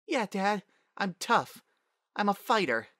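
A man voicing a determined, anxious young unicorn mare in a storybook reading, shouting breathlessly. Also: high-pitched, big pitch swings, slow pace, no echo, clean studio sound, voice pushed up, heavily acted. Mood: forced bravado.

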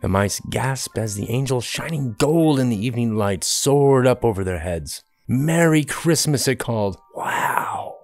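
A man reading a children's picture book aloud in a calm, even storytelling manner. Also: medium pitch, normal speed, few pauses, faint music behind.

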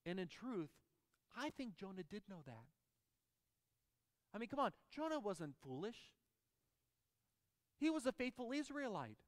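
A man's voice: sits high, very animated, measured pace, pauses often, in a large hall. A man preaching a sermon as pastor, emphatic and putting questions to the congregation.

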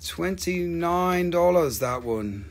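A fairly high-voiced man runs a live crystal sale. He jokes and teases his viewers, swears casually, and rattles off prices between the gags. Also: lively intonation, takes it slowly. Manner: joking, teasing, swears casually. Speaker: live-stream crystal seller. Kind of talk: joking live sales stream.

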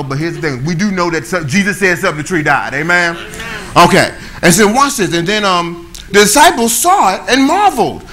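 A middle-aged man, preaching a conversational, animated sermon with call-and-response to a church. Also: fairly high pitch, slight background noise, low-quality recording. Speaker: pastor. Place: church sanctuary.

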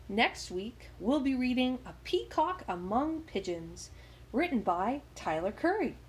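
A woman reading a children's story aloud as storyteller, with an expressive delivery. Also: fairly high pitch, measured pace, husky.

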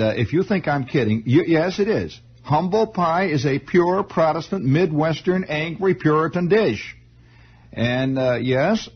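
Man, radio host, rambling storytelling monologue, raspy voice, dull lo-fi 1960s broadcast sound. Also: fairly high pitch. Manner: digressive, animated, self-interrupting with stammered restarts.

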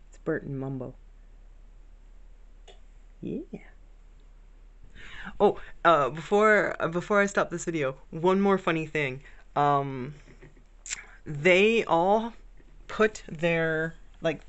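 A woman with a slightly low voice chats at home about her pets. She tells the story casually and rambles, fond and proud of them. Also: slow pace, pauses often. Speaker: vlogger. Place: home bedroom.

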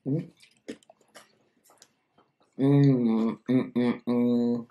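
A woman's voice: rumbling low, steady tone, very slow, mellow. Chatty woman tasting food in an echoey room. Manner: chatty, rambling, thinks aloud between bites. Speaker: food reviewer. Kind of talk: casual food tasting vlog.

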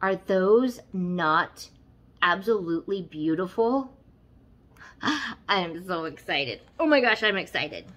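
A woman's voice: on the low side, lively intonation, slow, fairly bright tone. A woman vlogger chatting casually while unboxing, gushing and exclaiming over everything. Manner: gushing, effusive, exclaims often.

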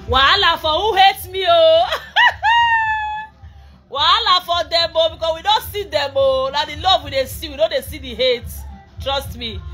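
A young Nigerian woman chatting excitedly to fans on a live video, slipping between English and Pidgin and bursting into shouts and laughter. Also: high-pitched. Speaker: social media personality.

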